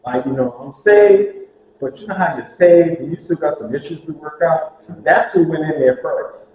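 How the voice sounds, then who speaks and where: A man telling lively stories about prison ministry to a group, acting out the voices of the people in them. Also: on the high side, moderate pace. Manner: animated, acts out dialogue, laughs at own stories. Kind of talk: storytelling talk to a group. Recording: very echoey room with faint hiss.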